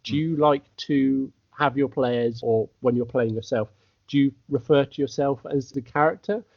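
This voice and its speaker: A man's voice: mid-range voice, steady tone, normal speed, gravelly, no echo. A man as a guest in a casual chat about tabletop games, telling stories with laughter and acting out what people said. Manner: storytelling, acts out quotes, laughs between lines. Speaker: podcast guest. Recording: dry, dull lo-fi recording.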